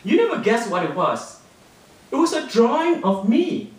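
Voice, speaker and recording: A man reading his own short story aloud to an audience, in a boy narrator's voice, with livelier, higher quoted lines. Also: big pitch swings, moderate pace. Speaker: author reading his fiction. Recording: roomy and distant, heard from across the room.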